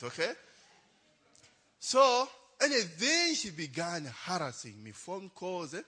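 Young adult male pastor, lively pitch, higher voice, chatty storyteller. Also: takes it slowly. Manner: chatty, laughing, tags lines with "eh?". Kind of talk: storytelling sermon.

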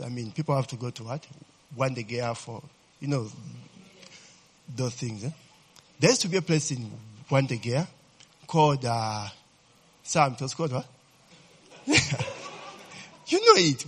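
A middle-aged man with a Ugandan English accent talks to an audience in a loose, teasing way. He laughs easily and keeps throwing questions back at his listeners. His voice is husky and sits a little high for a man. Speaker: speaker addressing an audience. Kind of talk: informal talk to a crowd.

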